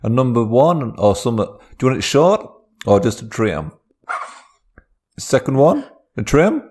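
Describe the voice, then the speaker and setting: A man's voice: medium pitch, very animated, a little slow, darkish tone, a little hiss or hum. A man doing a chatty fatherly barber. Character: kindly encouraging male barber, middle-aged. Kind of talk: improvised comedy scene.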